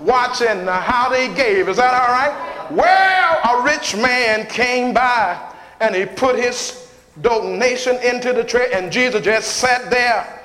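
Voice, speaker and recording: A man preaching a call-and-response sermon in a church, building into chanted shouting. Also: very high-pitched, unhurried. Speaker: pastor. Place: church sanctuary. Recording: echoey church hall with long reverb.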